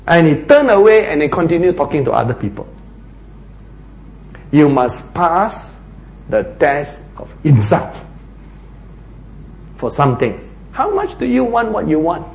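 A man preaching a sermon, emphatic and animated, often acting out quoted lines. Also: a little high, unhurried, creaky, long pauses. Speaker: pastor. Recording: echoey hall.

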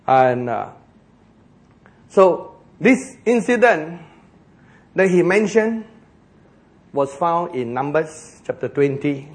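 Animated male preacher with a Singaporean English accent, fairly high voice, jokey sermon delivery. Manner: animated, joking, slows for emphasis.

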